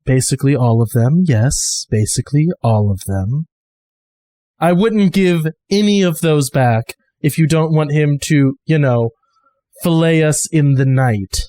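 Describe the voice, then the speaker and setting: A man's voice: fairly high pitch, mellow, dry recording, close to an everyday voice. A man voicing a hardened, weary woman survivor who speaks bluntly and grimly. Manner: blunt, grim and measured.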